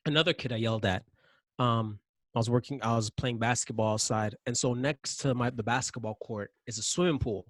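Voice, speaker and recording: Male interview guest, lively storyteller, close dry mic, average pitch. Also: a little fast, no echo. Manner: animated, acts out yelling in anecdotes. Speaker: podcast guest.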